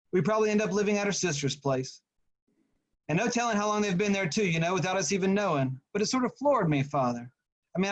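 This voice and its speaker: A man's voice: high-pitched, close to an everyday voice, low-quality recording. A man reading aloud as a remorseful working-class husband at confession, talking in a folksy, rambling way.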